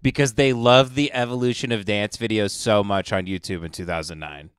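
Guy on a live stream trashing some video, snarky and mean, smooth clean voice, dry sound. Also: lowish voice, a little fast, fairly bright tone, no echo. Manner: sarcastic, mocking roast. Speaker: stream host.

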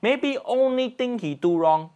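A man's voice: very high-pitched, lively intonation, unhurried, dark tone. A man playing a brash, blunt middle-aged uncle who critiques cooking in broken English with a Southeast Asian accent. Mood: approving. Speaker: comedy character reviewing cooking. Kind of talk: comic reaction commentary.

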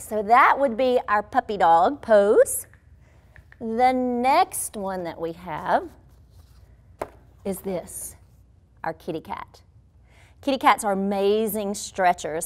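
A woman who teaches children's movement classes, guiding young kids through animal yoga poses in a cheerful, encouraging way. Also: fairly high pitch. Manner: cheerful, encouraging, speaks simply to small children. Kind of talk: leading a kids' yoga class.

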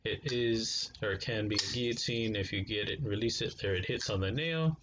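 A man's voice: on the low side, normal speed, background noise. Laid-back slangy man reviewing knives. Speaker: knife reviewer. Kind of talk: casual unboxing vlog.

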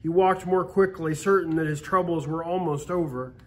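High-voiced man reading a Christmas story. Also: moderate pace. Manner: steady storytelling with small restarts. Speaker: story reader. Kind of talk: read-aloud Christmas story.

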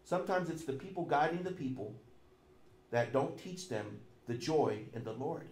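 A middle-aged man preaching a sermon as pastor, emphatic and repetitive, swinging between loud and soft. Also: medium pitch, moderate pace, reverberant.

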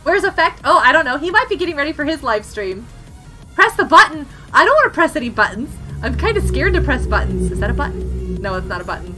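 A young woman streaming gameplay, excitable and giggly as she exclaims over what she finds. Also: sits high, fast. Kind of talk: live gameplay commentary. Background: game music.

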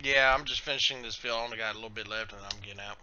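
A man's voice: lowish voice, rapid-fire, highs cut off, a crowd in the background. A man hosting a casual gaming voice chat who jokes around and makes silly noises. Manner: joking, playful, does silly sound effects. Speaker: gaming channel host. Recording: noisy voice chat background.

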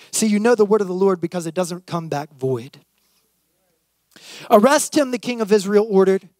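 A man, a youth and worship pastor, preaching a sermon and reading scripture aloud with lively, acted-out emphasis. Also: high voice, moderate pace, no room sound.

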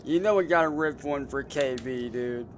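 A young man chatting casually while streaming a car game, loose and swearing, mocking trolls and getting excited over cars. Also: mid-range voice, moderate pace, background noise.

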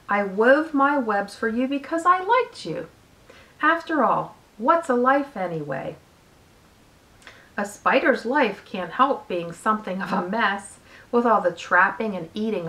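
A woman reading aloud, voicing a calm, wise female spider who speaks softly and gently. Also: mid-range voice, takes it slowly, low-quality recording. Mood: tender. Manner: soft, quiet and gentle.

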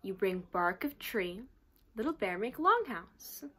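A woman's voice: mid-range voice, sing-song, fairly bright tone, breathy edge, full character voice. A woman voicing a terse, blunt warrior. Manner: slow, blunt, broken phrases. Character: terse proud warrior man.

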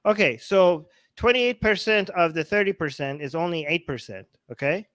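A man hosting a casual talk show, excitable and teasing, working out numbers aloud with many restarts. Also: fairly high pitch, moderate pace, no echo. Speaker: host. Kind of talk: casual chat.

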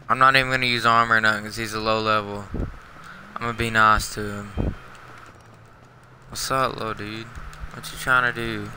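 A young man streams a game with a very bright, piercing voice, trash-talking other players in loose slang. He says he is half asleep. A faint hiss of noise sits under his voice. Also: fairly low pitch, low-quality recording. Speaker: livestreaming gamer. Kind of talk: casual game commentary.

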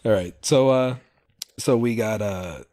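A man's voice: on the low side, measured pace, mellow. A man hosting a podcast, chatting casually and telling rambling stories with many fillers and restarts. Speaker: podcast host. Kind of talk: casual chat.

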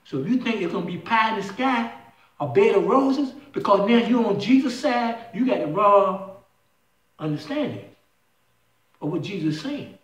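A man preaching a fiery call-and-response sermon, shouting questions and then dropping low. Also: lively intonation, moderate pace, pauses often, recorded from a distance. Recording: echoey room, voice from off-mic.

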